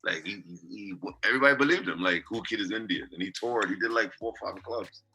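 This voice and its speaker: New dj guy, low and really punchy, casual, swears a lot. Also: fast talker, a little hiss or hum, low-quality recording. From New York. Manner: animated, swearing, offhand. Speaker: guest DJ. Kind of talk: casual storytelling chat.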